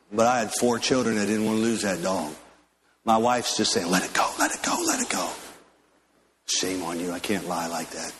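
Low-voiced pastor preaching a folksy sermon. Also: male voice, a little hiss or hum, low-quality recording. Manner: folksy storytelling preacher, slows into earnest pleas. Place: church sanctuary.

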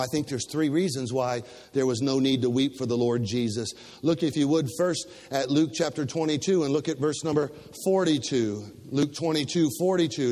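A pastor preaching a sermon, stacking rhetorical questions in a rising cadence, with restarts and repeated words, in a church. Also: male voice, medium pitch, a little mellow. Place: church sanctuary. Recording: long hall reverb.

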